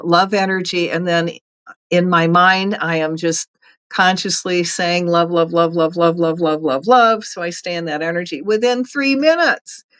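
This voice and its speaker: A woman's voice: mid-range voice, fairly bright tone, no room sound, low-quality recording. A middle-aged woman hosting a casual spiritual talk, earnest, chatty and encouraging. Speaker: host.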